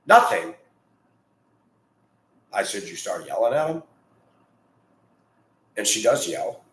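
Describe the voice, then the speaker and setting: A man's voice: lowish voice, very animated, unhurried. A man who drives a school bus, talking in a blunt, rambling, opinionated monologue. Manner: blunt, rambling, gets heated and loud. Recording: echoey room.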